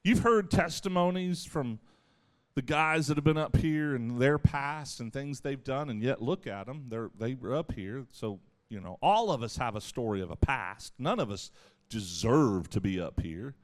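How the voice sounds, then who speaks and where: A man preaching a sermon in an animated way, acting out voices as he goes. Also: medium pitch, moderate pace. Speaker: pastor.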